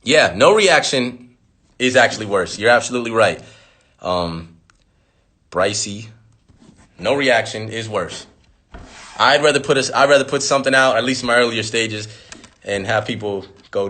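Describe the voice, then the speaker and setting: A man's voice: mid-range voice, normal speed, long pauses, a bit bright. A man hosting a live stream, giving blunt, profane advice in a casual monologue.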